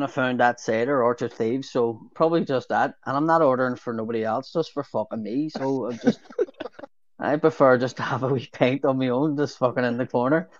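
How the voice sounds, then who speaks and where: A man's voice: medium pitch, dry recording. A Belfast man telling rowdy stories on a casual podcast, swearing freely and breaking into laughter. The sound is dry and a little dull, as if from a lo-fi recording. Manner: sweary storyteller, laughs often. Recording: dull lo-fi audio.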